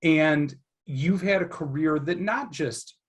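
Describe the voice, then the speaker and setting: A man's voice: fairly high pitch, slow pace, slightly rough. A man hosting an interview podcast, asking long, enthusiastic, rambling questions. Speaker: podcast host. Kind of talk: casual interview.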